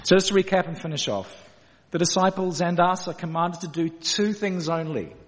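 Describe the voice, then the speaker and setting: A man's voice: sits high, normal speed. A man preaching a sermon in a church, earnest and direct with his congregation. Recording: echoey church hall.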